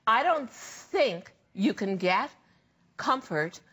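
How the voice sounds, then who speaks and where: An older woman, a designer and brand founder, giving an enthusiastic, emphatic home shopping sales pitch. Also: big pitch swings, slow pace, a bit bright, slightly rough.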